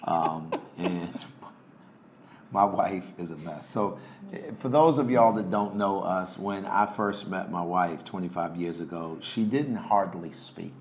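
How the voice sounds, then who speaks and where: A middle-aged man with a lowish voice hosts a casual talk show alongside his wife, teasing and animated as he talks. He speaks as a relationship coach, loose and conversational. Faint noise hums under the recording. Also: a little slow, lo-fi sound. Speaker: relationship coach and podcast co-host.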